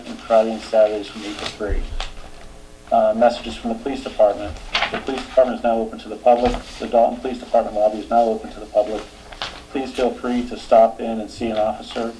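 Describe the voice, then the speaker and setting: A man with a Boston accent chairing a town meeting, reading announcements steadily and trailing off quietly. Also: medium pitch, a little hiss or hum, poor audio. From Boston area. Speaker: board chair.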